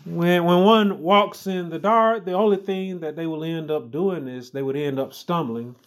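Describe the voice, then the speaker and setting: A man preaching a sermon, emphatic and repetitive, building stress on key phrases. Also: on the high side. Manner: slow, emphatic, repeats phrases with rising stress.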